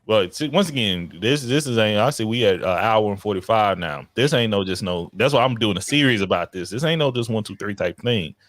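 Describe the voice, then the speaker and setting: A man casually telling stories as a podcast guest about his child welfare work, in an animated, slangy way. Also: a little fast, hardly any pauses, no room sound. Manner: animated, slangy, breaks into high excited quoted voices. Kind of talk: casual storytelling chat.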